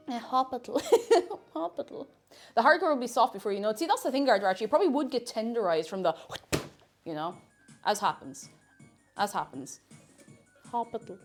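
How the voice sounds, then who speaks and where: A woman's voice: fairly high pitch, big pitch swings, a little fast, pauses often. A woman streaming from home talks casually as she cooks. Her voice swoops up and down, and she jokes, giggles and repeats words for fun, with faint music underneath. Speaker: live streamer. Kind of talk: casual live-stream chat while cooking.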